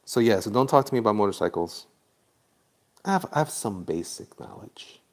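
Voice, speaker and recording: Gravelly low male streamer, relaxed and jokey, talking to chat while drawing. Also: moderate pace. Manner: laid-back, jokey, chatty with viewers. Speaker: livestream artist. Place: Florida.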